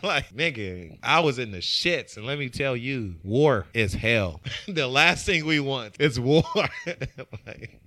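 Bright-voiced, profane storytelling man. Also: medium pitch, a little slow, no echo. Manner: animated storyteller, profane, laughs often. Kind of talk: casual chat.

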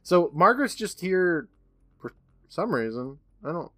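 Animated male podcast co-host. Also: high voice, measured pace, no echo, clean studio sound. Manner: animated, laughs often, acts out quotes in voices. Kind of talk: casual chat recapping a TV episode.

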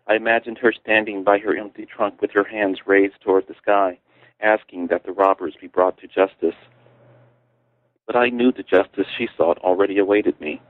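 A Chicago-born man reads from his own memoir, calm and measured. His voice is deep. It comes through a thin, phone-like radio feed. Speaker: author reading his memoir. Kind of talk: reading aloud from a memoir. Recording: tinny phone-line radio audio.

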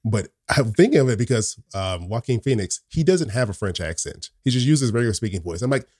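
A man's voice: mid-range voice, lively intonation, brisk, darkish tone. A man co-hosting a casual chat about movies, laughing often as he talks. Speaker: co-host.

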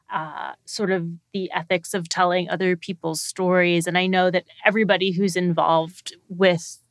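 A woman's voice: mid-range voice, dry recording, studio quality. A woman guest on a podcast in casual chat, hesitant and thoughtful with frequent ums. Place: shared recording room.

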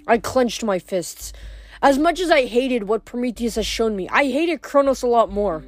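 A woman reading a novel aloud, briskly and expressively. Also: on the high side, expressive, faint music behind. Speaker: reader.

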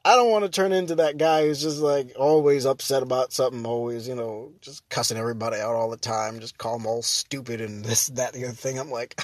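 A man's voice: mid-range voice, fairly even intonation, fairly quick, dry recording, clean studio sound. A man hosting his own podcast, chatting casually and rambling, breaking off mid-sentence and laughing often. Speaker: podcast host. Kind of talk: casual solo podcast chat.

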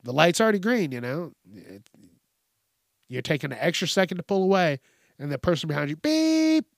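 Podcast host, male, exasperated rant delivery, raspy fry in the voice, slightly high-pitched. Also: lively intonation, brisk, no echo, studio quality. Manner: profane, exasperated, mimics people in high voices. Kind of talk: casual ranting monologue.

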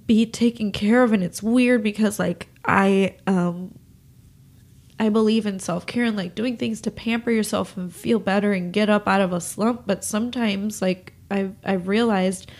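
A woman's voice: mid-range voice, darkish tone. Tearful, nasal young woman podcaster. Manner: emotional, rambling, many fillers. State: nasal and close to tears. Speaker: podcast host. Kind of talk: confessional solo podcast.

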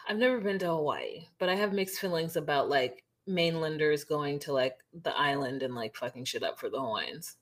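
A woman's voice: sits low, moderate pace. A woman recapping in a rambling, frank podcast chat, dropping casual swears. She circles back through her sentences with plenty of fillers. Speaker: podcast co-host.

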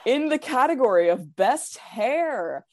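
A woman's voice: high-pitched, expressive, background noise. Woman in a grand announcer voice. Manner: slow, grand, drawn-out announcing. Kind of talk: mock-dramatic announcer reading results.

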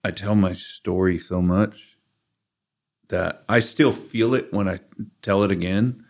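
A middle-aged man, a rock guitarist as guest, telling his story candidly in a studio, livening up when he acts out his own past words. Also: sits low. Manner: candid, animated in quoted asides. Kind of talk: casual storytelling.

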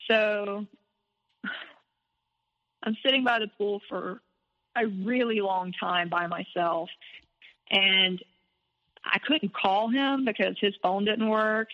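A woman's voice: mid-range voice, slow pace, long pauses, in a large hall, muffled recording. A woman guest on a podcast, telling a personal story candidly and animatedly, with frequent filler words.

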